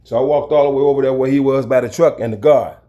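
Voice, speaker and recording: A man telling a story from his own life in a casual, lively way, acting out the people in it. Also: mid-range voice, fast. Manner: animated, acts out the people in his story, chuckles. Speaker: storyteller recounting his prison time. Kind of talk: casual spoken storytelling to camera.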